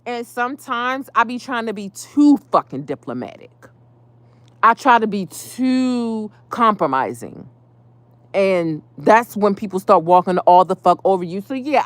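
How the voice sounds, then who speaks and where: A woman venting casually about a neighbor, animated and profane. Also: mid-range voice, normal speed, dry recording. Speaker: vlogger. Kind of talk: casual storytime rant.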